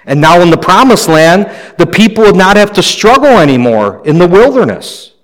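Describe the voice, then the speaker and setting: A pastor preaching a sermon in a conversational way, with light humor. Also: male voice, high-pitched, very animated, normal speed, low-quality recording.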